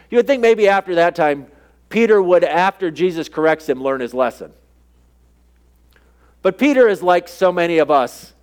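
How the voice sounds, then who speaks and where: Male pastor, fairly high voice, conversational sermon that slips into acted-out dialogue. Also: animated, moderate pace. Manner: conversational preaching, acts out quoted dialogue.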